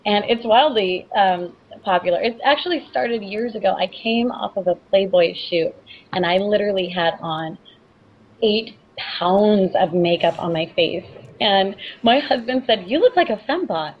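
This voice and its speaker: A woman's voice: medium pitch, lively intonation, moderate pace, lo-fi sound, slight background noise. A woman guest chatting casually and boldly, flirting and joking about her work. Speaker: guest adult film performer and producer. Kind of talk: casual podcast chat. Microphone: video call.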